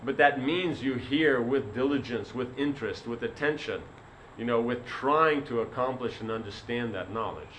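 A man's voice: medium pitch, normal speed, few pauses, fairly bright tone, slight background noise, poor audio. Brief: man teaching a sermon, loose and rambling, mid-range voice. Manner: rambling, many fillers like "you know". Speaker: spiritual teacher. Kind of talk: sermon with a told story.

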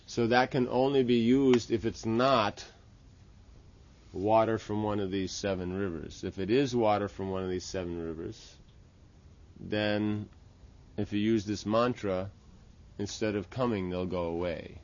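A man's voice: lowish voice, fairly even intonation, unhurried, darkish tone, highs cut off. A man teaching the steps of a temple worship ritual, explaining patiently and often checking with "right?". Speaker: religious teacher. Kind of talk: instructional talk on temple worship.

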